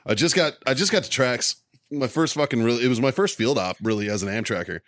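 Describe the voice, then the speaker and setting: A man's voice: mid-range voice, fast talker, fairly bright tone, dry recording. Laid-back storytelling man, dry close mic. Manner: laid-back, swears a lot, laughs at own story. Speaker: podcast co-host. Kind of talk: casual storytelling with cursing.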